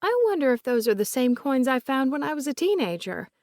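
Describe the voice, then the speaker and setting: A woman voicing an older woman with a soft Southern accent, polite and remorseful, recalling family memories in a gentle, chatty way. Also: high-pitched, sing-song, fairly quick, no room sound, studio quality, pitched above the performer's own voice.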